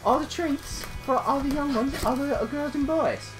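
A woman's voice: high voice, over loud music, voice pushed up, lightly acted, poor audio. A woman putting on a hammy mock-British voice. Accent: put-on British. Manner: hammy, sing-song, deliberately bad.

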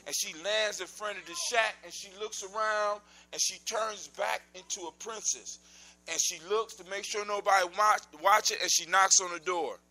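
A male storyteller telling a folk tale live to children, with a high, piercing, very bright voice. He narrates in an animated way, with sound effects and sudden shouts. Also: moderate pace, low-quality recording.

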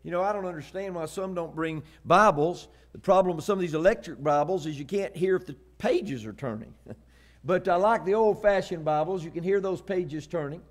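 A man's voice: high-pitched, fairly quick. A middle-aged man from Texas preaching a sermon, telling folksy joke stories and reading scripture with emphasis. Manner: folksy storytelling, rising to emphatic Bible reading.

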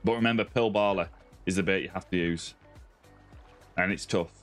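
Faint music plays behind this Australian man as he live-streams a game at home, a ring light set up in his streaming space. His voice sits low and is a bit bright, moving at a moderate pace while he chats casually, greeting viewers by name as mate and buddy.

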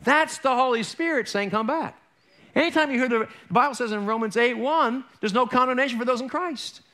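A man's voice: extremely high pitch, fast, fairly bright tone. A man pastor preaching a sermon in a conversational way, with jokey asides and acted-out quotes.

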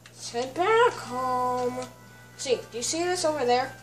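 A woman with a high voice talks slowly through a casual gameplay tour, chatty and clearing her throat now and then. She sits some distance from the mic. Faint music plays underneath. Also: expressive, a bit bright. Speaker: let's play host.

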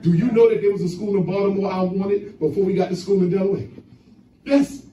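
A man's voice: sits high, fairly even intonation, fairly quick, dark tone, highs cut off, a little hiss or hum. A man giving a blunt, fiery public lecture to an audience. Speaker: speaker addressing an audience. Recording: echoey room, from far off.

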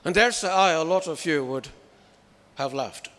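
A man preaches a sermon emphatically, putting rhetorical questions to his listeners, in a reverberant hall. His voice is a little high and a bit bright, with lively intonation at a moderate pace.

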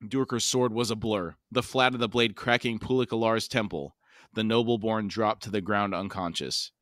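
A man's voice: lowish voice, steady tone, moderate pace, fairly bright tone, dry recording, studio quality. A man co-hosting a book podcast, reading passages aloud with light character inflection and adding commentary.

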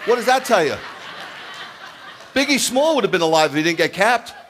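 A man in his fifties delivers a humorous sermon as a rabbi. His voice sits a little high for a man, and he jumps into the parts of the people in his stories with lively, joking energy. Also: a little fast, a little hiss or hum. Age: 50s. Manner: animated, jokey, acts out quoted dialogue. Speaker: rabbi preaching.

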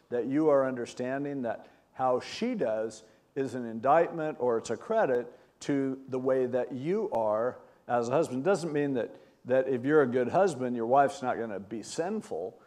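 A man's voice: medium pitch, normal speed. Conversational older male pastor teaching. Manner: conversational, animated storytelling. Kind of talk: sermon teaching.

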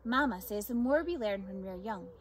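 A woman's voice: mid-range voice, animated, moderate pace, a little hiss or hum, lightly acted. A woman voicing a sweet little girl. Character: sweet friendly younger girl.

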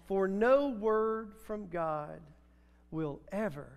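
A middle-aged man with a high, gravelly, clear and resonant voice preaches very slowly and animatedly in a church sanctuary with a big-room sound. He tells chatty stories and sometimes breaks into a few sung lines.

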